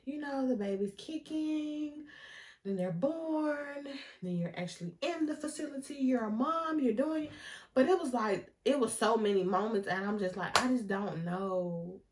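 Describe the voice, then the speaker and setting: A young woman telling a casual storytime vlog, animated and often laughing, talking straight to her viewers. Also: a little high, unhurried, a little hiss or hum. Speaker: vlogger.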